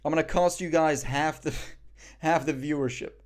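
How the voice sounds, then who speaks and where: Young Moroccan streamer, man, slightly high voice, loose self-deprecating banter. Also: steady tone, normal speed. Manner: joking, self-mocking banter. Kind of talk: casual live-stream chat.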